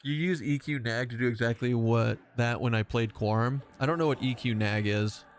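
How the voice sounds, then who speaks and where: A man's voice: medium pitch, fairly even intonation, normal speed, a little hiss or hum. Chatty man streaming a game. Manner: chatty, rambling, self-mocking, laughs often. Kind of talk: live game-stream commentary.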